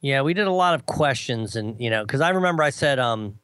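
A man chatting casually as a co-host, telling a lively story and mimicking others in a high voice. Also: brisk, smooth, dry recording. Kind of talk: casual chat.

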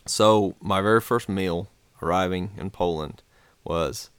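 A man's voice: low-pitched, a little slow, smooth, dry recording. An American man in a casual podcast chat, telling a travel story in a rambling way with many fillers and restarts. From United States.

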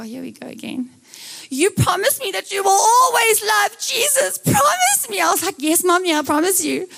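A woman's voice: fairly high pitch, creaky. A young South African woman preaching a live sermon, telling stories with jokey asides and acting out voices. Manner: animated storytelling, acts out voices, jokey asides.

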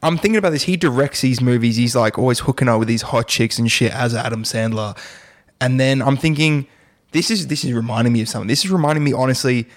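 A man's voice: medium pitch, fast talker. A young man ranting and cracking jokes in a casual podcast chat, full of swearing and mock impressions. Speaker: podcast co-host. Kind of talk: casual banter.

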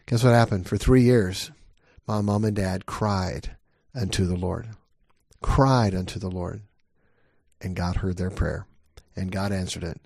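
Middle-aged male pastor, low-pitched, dry close sound, emphatic sermon delivery. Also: a little slow, gravelly, long pauses, darkish tone, husky, dry recording. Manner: earnest, emphatic preaching with repeated rhetorical questions.

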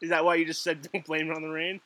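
Male podcast co-host, giggly and rambling, bright forceful voice, slightly high. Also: monotone, fast talker, no room sound. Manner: giggly, rambling with fillers and restarts. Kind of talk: casual chat.

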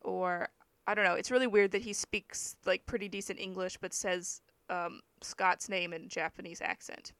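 A young woman telling a story in a casual podcast chat, with many fillers and lively asides. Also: on the low side, moderate pace, clean tone, no echo. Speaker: podcast co-host. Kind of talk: casual true-crime chat, reading aloud.

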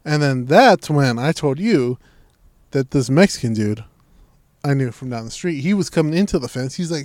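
Young guy swearing his way thru a story, kinda high voice, dry close sound, acts out everybody's lines. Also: moderate pace, no room sound. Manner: profane, animated storytelling, voices quoted people. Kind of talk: casual chat.

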